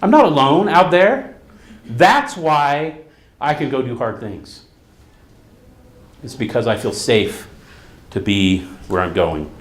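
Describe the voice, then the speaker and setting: A man's voice: medium pitch, slow, pauses often, reverberant. A middle-aged man, a therapist, giving a conference talk, telling stories and acting out the quotes. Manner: storytelling, animated, acts out quotes. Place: conference hall.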